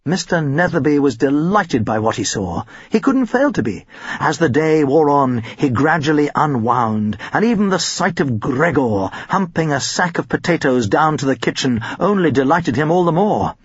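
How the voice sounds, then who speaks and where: A man narrating an audiobook in an expressive storytelling manner with a husky voice. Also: fairly high pitch, moderate pace, no echo, highs cut off.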